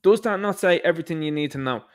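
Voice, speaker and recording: A man's voice: a little high, fast. Sarcastic Irish man ranting casually. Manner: sarcastic, rambling, with asides. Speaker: commentary show host. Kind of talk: casual opinion commentary.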